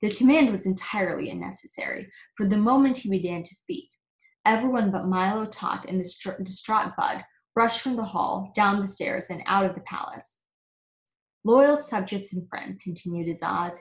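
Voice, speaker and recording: A woman's voice: mid-range voice, normal speed. Woman reading a storybook aloud. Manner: lively, expressive reading. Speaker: camp story reader. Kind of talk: reading a children's book aloud. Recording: echoey room.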